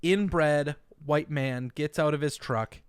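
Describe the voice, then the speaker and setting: A man's voice: a little high, takes it slowly, clean tone, dry recording. A man co-hosting a casual comedic podcast, telling stories with animation and stammering restarts. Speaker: podcast co-host.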